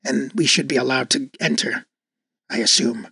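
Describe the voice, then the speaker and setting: A woman's voice: a bass voice, normal speed, gravelly, bright, forceful tone, husky, no echo, clean studio sound. A woman playing a tabletop game, earnest and giggly as she plays her character. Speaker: player. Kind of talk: casual tabletop role-play.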